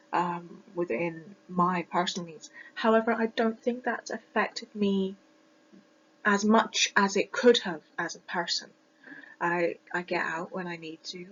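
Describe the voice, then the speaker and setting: Woman, British RP accent, reflective presenter with ums, medium pitch, muffled home recording. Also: fairly bright tone, slight background noise. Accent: British received pronunciation. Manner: reflective, thoughtful, with many ums and restarts. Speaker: student presenter. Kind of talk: personal presentation. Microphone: close mic that sometimes distorts.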